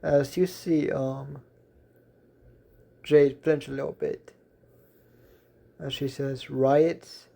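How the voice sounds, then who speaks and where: Halting, gravelly male storyteller. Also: mid-range voice, little pitch movement, mellow. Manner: halting, many ums and restarts. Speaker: story narrator. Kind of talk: reading a self-written fan story.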